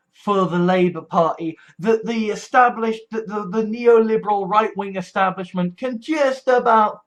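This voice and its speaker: Brief: anxious vlogger, shaken and frightened, swears freely, stumbles and restarts mid-sentence, mid-pitched voice. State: scared and distressed. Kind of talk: personal political vlog.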